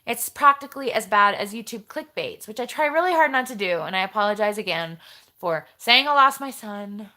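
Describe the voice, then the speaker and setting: A woman's voice: medium pitch, expressive, brisk, sharp tone. A woman hosting a casual live stream, chatting in a rambling way and talking straight to her viewers as she reads their comments. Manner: chatty and rambling, jumps between topics, talks straight to viewers.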